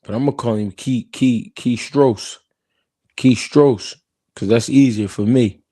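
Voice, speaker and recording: A man's voice: mid-range voice, moderate pace, no echo, clean studio sound. A man hosting a live-stream boxing talk show, arguing heatedly and talking to his chat. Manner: heated, animated, talks to chat. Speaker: host.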